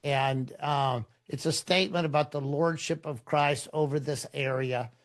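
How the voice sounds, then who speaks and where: A middle-aged man, a pastor, telling stories in a relaxed, rambling way, with many fillers and restarts. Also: on the high side, a little slow. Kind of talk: conversational storytelling in a podcast interview.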